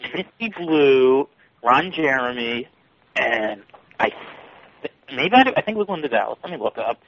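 A man's voice: medium pitch, very animated, moderate pace. Male podcast co-host, hesitant chat, lo-fi audio. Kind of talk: casual chat.

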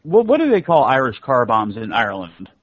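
A man's voice: mid-range voice, wildly swooping pitch, a little fast, muffled recording, background noise. A man on a radio talk show, chatting casually and needling the others with teasing questions.

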